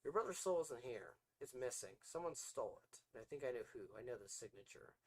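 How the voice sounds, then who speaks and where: A man's voice: mid-range voice, animated, a little fast, husky, poor audio. A man voicing a sly, smug male demon in a read-aloud story, purring and mock-sympathetic. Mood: grave.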